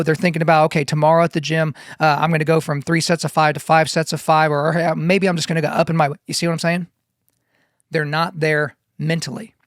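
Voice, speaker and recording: A man in his forties delivers a motivational podcast monologue in an emphatic, preachy way, hammering his points home with repetition. His voice sits a little on the high side. The sound is dry and close, from a home studio. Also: dry recording. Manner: emphatic and preachy, repeats key phrases. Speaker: podcast host.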